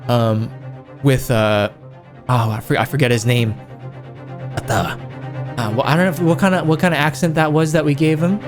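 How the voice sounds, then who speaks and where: A man streaming a game, chatting casually and warmly to viewers, calling them dude and man. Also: medium pitch, moderate pace. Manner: laid-back, friendly, calls viewers dude and man. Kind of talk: casual chat with live chat viewers. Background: game music.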